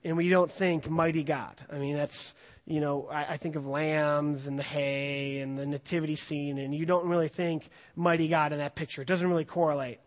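A male pastor with a fairly high voice gives a relaxed, conversational sermon, full of fillers and restarts. The sound rings with a long hall reverb, as in a church sanctuary. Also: moderate pace. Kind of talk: casual sermon with scripture reading.

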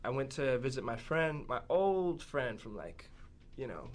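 A man's voice: medium pitch, expressive, a little slow. A young man chatting hesitantly as a guest, rambling, and singing his own songs. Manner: rambling, hesitant, soft-spoken. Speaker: guest musician.

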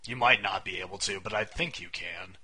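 Young male podcast co-host, low-ish voice, rambling and wry. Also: a little fast, sharp tone, low-quality recording. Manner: rambling, wry, swears casually. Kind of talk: casual podcast chat.

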